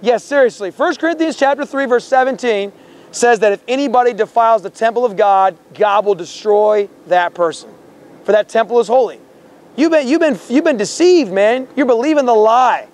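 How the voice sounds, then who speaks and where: A man's voice: very high-pitched, normal speed, darkish tone. A man street preaching outdoors on a campus, fervent and confrontational, quoting scripture and repeating his words. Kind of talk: confrontational open-air preaching.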